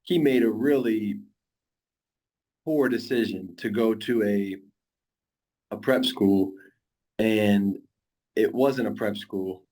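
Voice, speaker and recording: A man who coaches high school football, talking earnestly in a casual interview, rambling with frequent restarts. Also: slow pace, long pauses, darkish tone.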